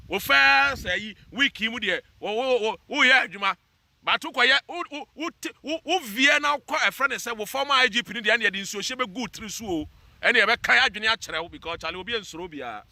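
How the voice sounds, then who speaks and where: Ghanaian guy going off on a scolding rant, high voice, really sharp and tense, keeps repeating himself. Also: dry recording. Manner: fiery, scolding, repeats phrases. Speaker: social commentator. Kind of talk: heated monologue rant.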